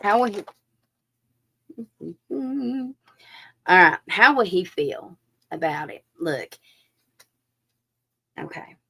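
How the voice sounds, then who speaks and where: A woman's voice: medium pitch, very slow, long pauses. A woman giving a chatty live-stream tarot reading, talking straight to her viewers. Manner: chatty, animated, addresses viewers directly with fillers. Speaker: tarot reader.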